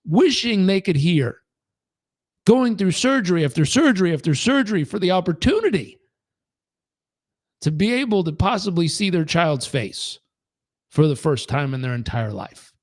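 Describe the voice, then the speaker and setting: A man's voice: sits high, very animated, normal speed, long pauses. A man voicing a blunt, folksy old homeless man who lectures in a plain-spoken way. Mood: urging.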